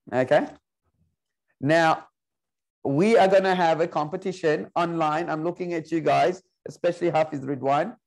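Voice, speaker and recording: A man teaching an Arabic class online, playful and coaxing, repeating words slowly for his students. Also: fairly high pitch, creaky, darkish tone.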